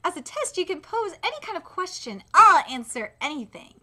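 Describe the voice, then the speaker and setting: A woman's voice: very high voice, very animated, brisk, pushed and bright, full character voice. A woman reading aloud the lines of a carefree, cocky young male detective in a breezy, self-assured way, close to her own voice. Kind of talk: reading manga dialogue aloud.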